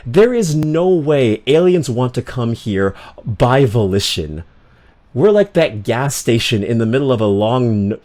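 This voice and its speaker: A man's voice: medium pitch, a little mellow. A man streaming a game, rambling through casual, slangy commentary with swearing and self-mocking asides.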